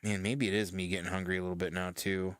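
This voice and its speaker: A man's voice: deep voice, level tone, fast talker, clear, resonant tone, no room sound. A man from Michigan streaming casual chat while painting, rambling loosely and swearing now and then. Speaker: streamer host.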